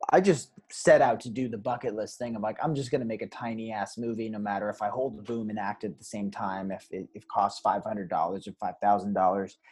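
A man as a guest on a casual podcast interview, rambling through animated stories. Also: on the low side, husky. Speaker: guest filmmaker.

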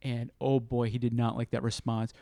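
In a dry, studio-quality recording, a man with a medium-pitched voice speaks at a moderate pace. He co-hosts a casual podcast and tells a work story, lively and acting out each line of dialogue.

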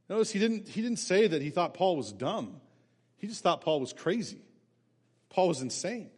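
A man preaching a sermon as pastor, animated and emphatic. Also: fairly high pitch, normal speed, breathy edge, big-room sound. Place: church sanctuary.

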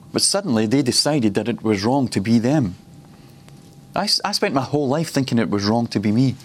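Man, preacher, husky voice, middle pitch, reflective, personal, laughs often. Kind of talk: ministry school teaching.

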